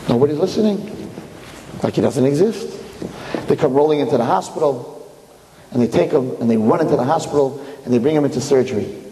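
A man telling a story live to an audience in a room, animated and repeating phrases for emphasis. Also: medium pitch, fairly quick, long pauses, echoey room, big-room sound, rough recording.

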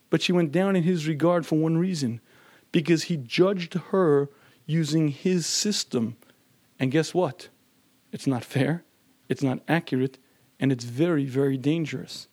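A man lecturing on marriage who often clears his throat and acts out the people in his stories. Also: on the high side, a little mellow. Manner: frequent throat-clearing, acts out quoted voices. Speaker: marriage teacher.

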